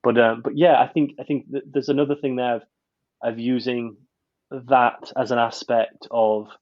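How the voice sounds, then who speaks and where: A man's voice: mid-range voice, level tone, moderate pace, dull audio. A man reviewing a film on a podcast in casual chat, rambling with many restarts.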